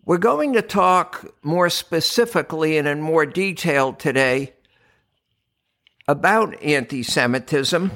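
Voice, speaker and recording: Slow, emphatic older American male preacher. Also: a little high, animated, a bit bright. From United States. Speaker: podcast host, doctor. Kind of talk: scripted religious podcast talk.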